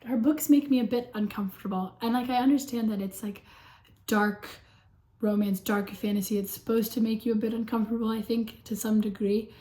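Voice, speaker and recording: A woman with a hoarse, sick voice, hesitantly talking through a casual book review with lots of fillers. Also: on the high side, fairly even intonation, brisk, warm tone, reverberant. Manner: hesitant, rambling, many fillers.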